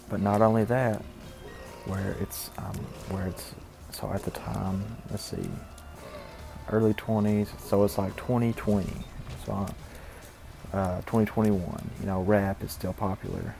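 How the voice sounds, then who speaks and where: A man's voice: fairly low pitch, level tone, unhurried, creaky, warm tone, faint music behind. A man telling a rambling, distracted comic story while commenting on gameplay. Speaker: gaming channel host.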